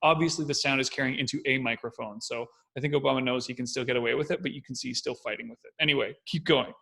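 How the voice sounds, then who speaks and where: A man co-hosting a casual chat, explaining in an animated way, step by step. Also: mid-range voice, fast, vocal fry, husky. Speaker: co-host.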